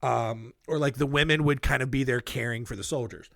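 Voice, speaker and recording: A man's voice: medium pitch, fairly even intonation, a little fast, creaky, fairly bright tone, dry recording, studio quality. A man hosting a podcast, telling history stories in a casual, rambling way with joking asides and lots of fillers. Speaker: podcast host. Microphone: studio microphone.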